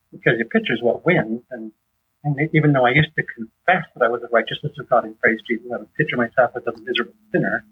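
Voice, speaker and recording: A husky-voiced man talks through a thin, tinny phone line like an interview guest on a call. He tells stories animatedly and his voice jumps upward whenever he acts out someone else's lines. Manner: animated storyteller, acts out dialogue with rising pitch. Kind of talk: conversational teaching on faith.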